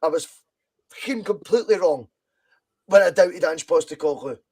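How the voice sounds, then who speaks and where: A man's voice: on the high side, moderate pace, a little mellow, slightly rough. A Scottish man hosting a football podcast, talking bluntly and swearing freely as he argues his opinions. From Scotland. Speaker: podcast host. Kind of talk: casual football podcast chat.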